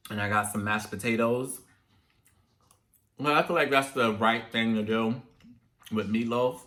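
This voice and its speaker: A young man hosting a casual talk video, telling animated stories about growing up in African American English. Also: lowish voice. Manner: chatty, animated when telling parent stories. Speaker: host. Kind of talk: casual chat, storytelling to viewers.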